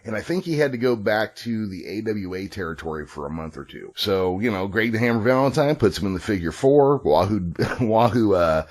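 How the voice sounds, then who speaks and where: A man with a general American accent co-hosts a casual podcast. He speaks in a somewhat low voice. He tells stories in a relaxed way. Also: fairly quick, hardly any pauses. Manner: relaxed storyteller. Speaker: podcast co-host. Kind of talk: casual chat.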